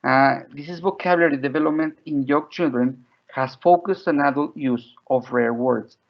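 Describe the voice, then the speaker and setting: A man runs an online workshop for teachers in a chatty, easygoing way and keeps asking his listeners if they follow. His voice sits a little high and has a gravelly edge. The sound is dull and lo-fi, as if it came through a video call mic. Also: normal speed. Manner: chatty, checks in with "right?" often. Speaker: teacher trainer.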